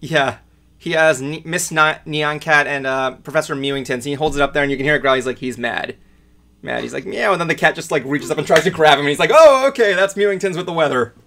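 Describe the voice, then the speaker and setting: Male stream host, slightly high voice, chatty and rambling. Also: steady tone, quick pace, bright, forceful tone. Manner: rambling, chatty, trails off with fillers. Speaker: podcast host. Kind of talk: casual livestream chat.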